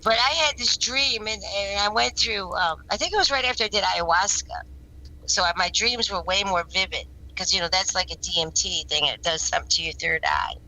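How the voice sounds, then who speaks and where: A woman's voice: medium pitch, a little fast, pushed and bright, low-quality recording. A woman guest in an interview, telling her experiences in an earnest, rambling way, often restarting and repeating words. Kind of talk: casual spoken storytelling.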